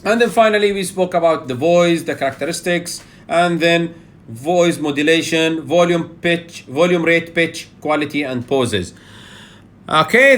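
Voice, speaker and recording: A man runs a live online public speaking lesson. He talks in a loose, chatty way and keeps checking in with his listeners with a quick "yeah?". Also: sits high, fairly bright tone. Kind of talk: live online teaching session.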